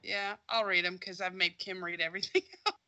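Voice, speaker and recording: Slightly hoarse bright-voiced woman podcaster. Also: on the low side, fairly even intonation, a little fast, rough recording. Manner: chatty, giggly asides. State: losing her voice. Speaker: podcast co-host. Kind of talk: casual podcast chat.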